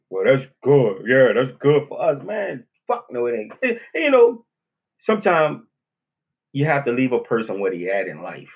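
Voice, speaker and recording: Husky blunt New Orleans man ranting. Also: a little high, highs cut off. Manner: blunt, profane, rambling with many "you know what I'm saying". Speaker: podcast host. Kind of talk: casual monologue.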